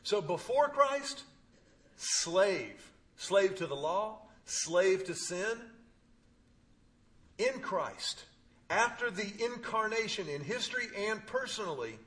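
A man preaching, telling a personal story with humor and emphatic pauses. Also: high-pitched, big pitch swings, a bit bright. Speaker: pastor. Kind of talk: sermon.

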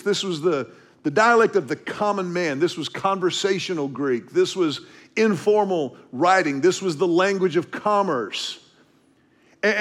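A man preaching a sermon as pastor, telling a personal story and then slowing down to stress each point. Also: high voice. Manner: storytelling and preaching, slows down for emphasis.

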